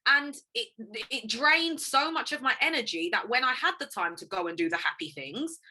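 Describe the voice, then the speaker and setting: A woman with a bright, ringing voice talks in an easy, candid way. Her pitch swings widely as she stresses words, and now and then she breaks into a laugh. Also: animated, normal speed. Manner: spontaneous, emphatic, laughs easily. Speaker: guest, singer and actress. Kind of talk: casual conversation.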